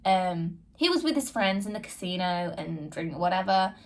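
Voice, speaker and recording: With a lowish, expressive voice at a normal speed, this woman hosts a podcast and addresses listeners directly. She recounts something from her own life in a frank, earnest way, reenacting dialogue she once had.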